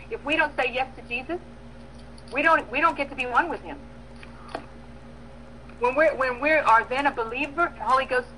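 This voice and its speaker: A woman preaching a sermon, emphatic, with bursts of loud stress and soft pauses, acting out prayers and dialogue. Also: high voice, a little hiss or hum, poor audio. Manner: acts out prayers and quoted dialogue.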